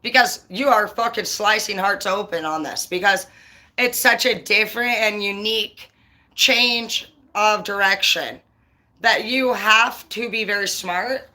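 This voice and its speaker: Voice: medium pitch, measured pace, bright, forceful tone. A tarot reader on a casual live stream who swears constantly and talks in a blunt, heated rant. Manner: profane, heated and ranting; blunt and confrontational.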